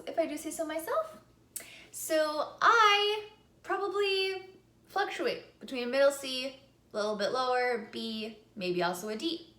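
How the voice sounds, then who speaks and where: A woman teaches singing to camera in a bright, upbeat voice that sits a little high. She moves from speaking into singing short phrases to demonstrate. The room adds a noticeable echo. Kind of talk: vocal lesson to camera.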